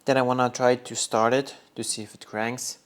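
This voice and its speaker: A man's voice: medium pitch, flat delivery, normal speed. A man hosting a car restoration video, explaining each step casually while he works in a garage workshop. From Norway.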